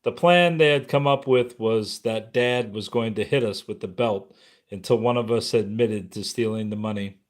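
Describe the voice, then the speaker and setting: A man narrating a memoir audiobook in a somber, measured way. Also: fairly low pitch.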